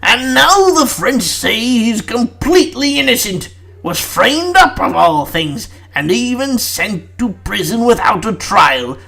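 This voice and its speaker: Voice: mid-range voice, very animated, slow pace, creaky, pushed and bright, exaggerated voice. A reader voicing an irate, bullying middle-aged male prime minister with a British accent, blustering and scolding.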